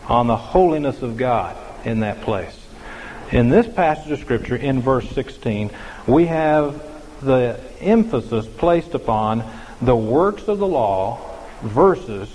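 A man's voice: medium pitch, darkish tone, in a large hall, slight background noise, low-quality recording. A man preaching a sermon as pastor, in a conversational way with many fillers and restarts.

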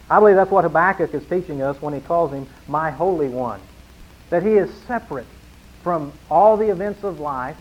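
A man's voice: on the high side, muffled recording. A man preaching a sermon in an earnest way, pressing his points and reading scripture with growing force.

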